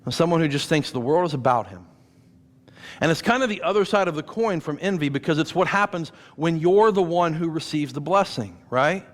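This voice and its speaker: Pastor preaching in a reverberant church. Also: male voice, fairly high pitch, expressive, fairly quick. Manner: conversational preaching with playful growls and repeated rhetorical questions. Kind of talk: sermon. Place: church sanctuary. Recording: long reverb of a church hall.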